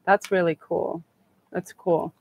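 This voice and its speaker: A woman's voice: on the low side, little pitch movement, takes it slowly, husky, dry recording. Chatty middle-aged woman reading tarot. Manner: chatty, gushing, meandering. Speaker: tarot reader and host. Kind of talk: live tarot reading chat.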